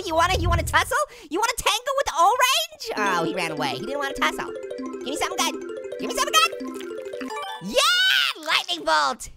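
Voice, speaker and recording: Casting: squeaky, bouncing cartoon orange, giggly trash-talking gamer, bright game music underneath. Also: male voice, heavily acted. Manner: goofy, boastful, trash-talking with toilet humor. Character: cheeky hyper male talking orange. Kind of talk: let's-play game commentary.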